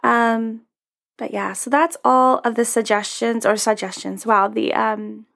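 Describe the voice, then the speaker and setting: Speaking on the high side with vocal fry, this woman gives her viewers sincere, laid-back advice on camera, leaning heavily on fillers like "um" and "you know."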